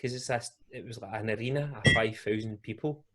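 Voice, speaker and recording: A young Scottish man telling a long funny story on a podcast, rambling, animated and laughing often. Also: lowish voice, fairly quick. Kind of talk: casual storytelling.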